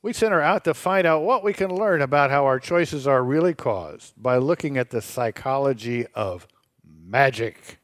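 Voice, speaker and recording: A man's voice: medium pitch, expressive, moderate pace, no room sound, clean studio sound. A man co-hosting a radio show, debating philosophy with a sarcastic, teasing edge and laughing as he argues. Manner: laughs while arguing.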